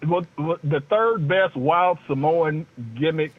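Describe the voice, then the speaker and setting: A man's voice: a little high, takes it slowly. A man co-hosting a casual talk show, rambling in a loose, joking way. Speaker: co-host. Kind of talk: casual talk-radio chat. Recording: tinny phone line.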